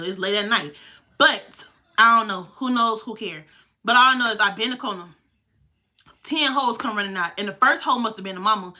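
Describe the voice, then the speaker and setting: Bright, heated young woman telling a story. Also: mid-range voice. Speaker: vlogger. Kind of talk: storytime vlog.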